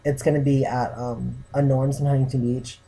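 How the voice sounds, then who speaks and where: A man's voice: medium pitch, little pitch movement, normal speed, dark tone, breathy edge. A young man vlogging to his viewers, telling a story in a chatty way full of "like" fillers. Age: young adult. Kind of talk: casual chat to camera.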